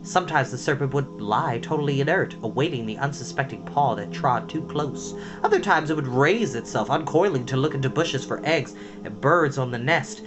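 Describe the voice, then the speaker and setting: A man's voice: mid-range voice, animated, normal speed, few pauses. A man reading a children's novel aloud with dramatic expression. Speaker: storyteller. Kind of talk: storybook read-aloud. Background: music.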